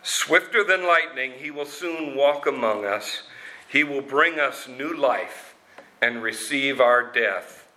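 A man voicing a wise old king in a rich baritone, speaking slowly and solemnly. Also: sharp tone, poor audio. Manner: slow and solemn.

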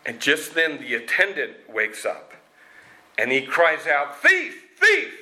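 A man retelling a story expressively, slow and dramatic, acting out the parts. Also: mid-range voice, pushed and bright, rough recording.

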